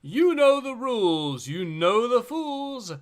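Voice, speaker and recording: A man voicing a brash male arena announcer with a loud, drawn-out hype delivery. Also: extremely high pitch, very animated, pitched above the performer's own voice, heavily acted. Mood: hyped.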